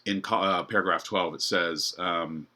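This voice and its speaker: Middle-aged male professor, casual lecture, low voice with a crisp bright edge. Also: fairly even intonation, normal speed. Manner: conversational, many fillers and restarts. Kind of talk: university lecture.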